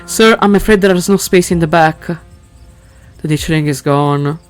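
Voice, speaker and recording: Woman reading a steady, reassuring paramedic. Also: sits low, moderate pace, soft background music, lightly acted. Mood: calm. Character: calm professional paramedic.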